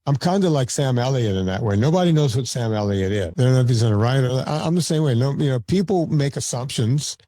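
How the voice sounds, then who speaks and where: A man's voice: medium pitch, expressive, fast talker, hardly any pauses, mellow, no room sound. A man guesting on a podcast, talking in a blunt, argumentative way with frequent stammered restarts. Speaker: podcast guest, documentary filmmaker. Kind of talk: casual podcast conversation.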